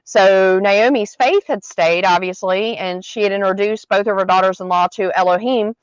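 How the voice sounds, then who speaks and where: A woman's voice: medium pitch, moderate pace, clear, resonant tone, dry recording. A woman hosting a casual Bible study outdoors in a garden, reading verses and then explaining them in chatty everyday words. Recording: dull lo-fi dry sound.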